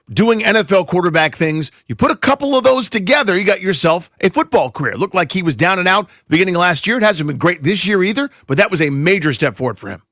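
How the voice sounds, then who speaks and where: A man co-hosting a sports radio show, giving animated, exasperated and sarcastic takes. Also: sits high, no echo, clean studio sound. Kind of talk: opinionated sports banter.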